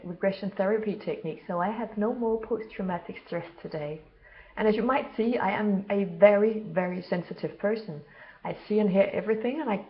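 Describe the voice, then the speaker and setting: A woman speaking in a casual monologue as a self-described healer, earnest and halting, often pausing to search for words. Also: medium pitch. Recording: slightly dull lo-fi recording.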